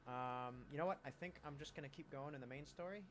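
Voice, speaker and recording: A man's voice: on the high side, quick pace, fairly bright tone, a little hiss or hum. A man casually talking through a story game, rambling and poking fun at himself. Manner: rambling, self-deprecating, many restarts. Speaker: gamer. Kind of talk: casual gameplay commentary.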